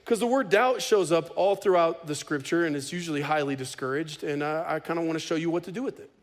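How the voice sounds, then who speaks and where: A man preaching a sermon as pastor, conversational and animated, with casual humor. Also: a little high, fast.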